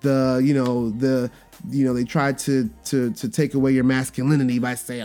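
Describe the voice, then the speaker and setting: A man's voice: medium pitch, little pitch movement, normal speed, vocal fry, a little mellow, soft background music. A man hosting a podcast, talking in a rambling, conversational way and acting out the voices he quotes. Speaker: podcast host. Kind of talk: casual podcast monologue.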